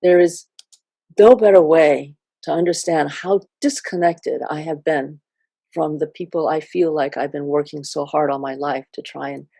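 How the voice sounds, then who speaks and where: A woman's voice: sits low, fairly even intonation, normal speed, creaky, dark tone, no echo. A middle-aged woman, a genetics professor, telling a personal story in a talk, earnest and reflective, with some fillers.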